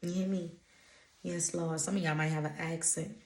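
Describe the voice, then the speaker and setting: Woman, Louisiana accent, low-pitched, emphatic and preachy, echoey room. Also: fairly even intonation, normal speed, darkish tone. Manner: emphatic, preachy, blunt with casual swearing. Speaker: intuitive energy reader. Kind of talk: motivational channeled-message vlog.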